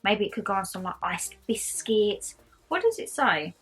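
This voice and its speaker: A woman's voice: medium pitch, animated, normal speed, fairly bright tone, faint music behind. A young woman with a mixed Essex and Geordie accent, chatting casually to camera about her shopping haul in a bubbly, rambling way. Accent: mixed Essex and Geordie English. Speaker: haul vlogger.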